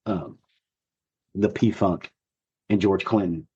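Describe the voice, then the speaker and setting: A man with a gruff, hoarse voice co-hosting a podcast, chatting enthusiastically with lots of fillers. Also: deep voice, steady tone, takes it slowly, darkish tone, dull audio. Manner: enthusiastic, rambling with many fillers. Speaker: podcast co-host. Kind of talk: casual chat.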